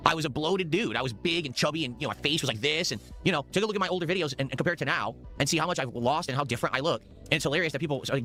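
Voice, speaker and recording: Guy in his 40s ranting fast and defensive, bright tense voice, a bit of music faint behind him. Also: fairly high pitch. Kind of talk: ranting gaming commentary.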